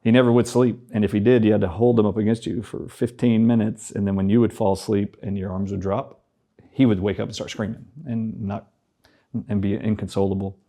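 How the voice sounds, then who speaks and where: A man, a guest in an interview, telling a personal story in an animated way and acting out the dialogue he remembers. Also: on the low side, a little fast.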